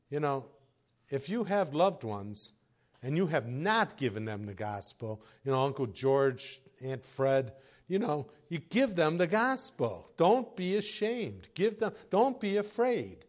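Slow-talking pastor, folksy and lively. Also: male voice, mid-range voice. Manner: folksy storytelling, chuckles, swings from quiet asides to raised exhortation. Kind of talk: sermon.

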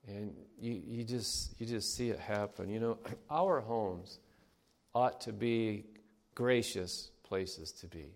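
An older man giving a conversational sermon, pausing often and clearing his throat between thoughts. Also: on the low side. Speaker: preacher. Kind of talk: sermon with anecdotes.

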